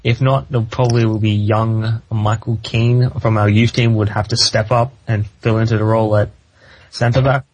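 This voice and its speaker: Halting male podcast guest, dry sound. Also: on the low side, little pitch movement, a little mellow, no echo, poor audio. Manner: halting, loose answers with many fillers. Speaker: podcast guest, football fan. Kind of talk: casual football podcast chat.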